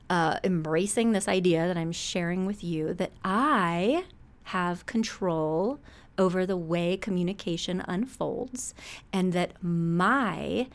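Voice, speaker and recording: Lady therapist on her podcast, kinda low voice, lively, acts stuff out, keeps asking "okay?". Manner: animated, acts out everyday scenes; warm, conversational, with frequent "okay?" check-ins. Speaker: couples therapist and podcast host. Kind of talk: advice podcast talk.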